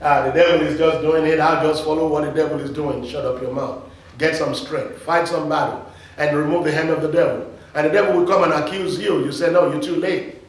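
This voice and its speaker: A man's voice: on the high side, fairly even intonation, brisk. Emphatic male preacher in an echoey hall. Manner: emphatic call-and-response preaching. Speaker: pastor. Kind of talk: sermon. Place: church. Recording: echoey hall, mic from far off.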